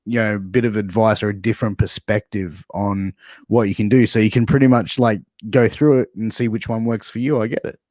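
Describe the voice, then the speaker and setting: A man's voice: fairly low pitch, fairly even intonation, brisk, a little mellow, no echo, clean studio sound. An Australian man hosting a podcast interview, playfully quizzing his guest on slang with example sentences. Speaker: podcast host. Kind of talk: casual interview game.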